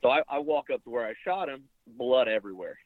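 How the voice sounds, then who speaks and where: A man's voice: mid-range voice, fast talker, dry recording. A young man recounts a hunting story in a loose, rambling way, jumping in and out of the lines people said to him. He sounds squeezed and tinny, as if he is on a phone line. The sound is dead dry with no room around it. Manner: rambling, animated retelling with quoted dialogue. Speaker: bowhunter guest. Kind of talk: casual storytelling interview.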